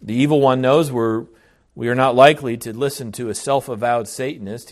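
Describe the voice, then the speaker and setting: A man preaching a sermon in an earnest, deliberate way, often restarting his phrases. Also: medium pitch.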